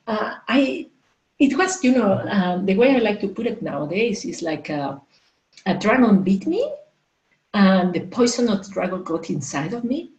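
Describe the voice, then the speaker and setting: A woman in her forties shares a frank personal story as a coach speaking to a live audience. She talks haltingly, restarting sentences with plenty of fillers, and her voice sits mid-range. The room around her is echoey. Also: mid-range voice, darkish tone, dull audio. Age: 40s. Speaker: coach and entrepreneur.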